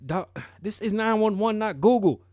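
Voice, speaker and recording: A fed-up emergency operator, brusque and exasperated, put on by a man in a voice pitched well above his own. The sound is dry and close. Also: sing-song, normal speed, dry recording.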